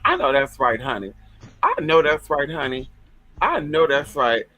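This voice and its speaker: Male livestream host, sassy and flamboyant, casual chat, bright fairly high voice. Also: very animated, moderate pace, no echo, rough recording. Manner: sassy, flamboyant, swears freely. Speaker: livestream host reading viewer comments.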